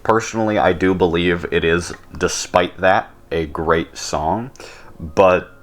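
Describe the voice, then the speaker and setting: A young man talking casually about songs, blunt and opinionated, often pausing with fillers. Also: deep voice. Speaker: YouTube host.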